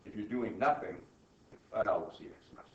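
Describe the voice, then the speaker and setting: A man's voice: fairly low pitch, quick pace. A middle-aged man teaching accounting in a classroom, emphatic and often checking in with "right?" and "okay?". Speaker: accounting instructor. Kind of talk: classroom lecture. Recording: muffled, roomy classroom recording from far off.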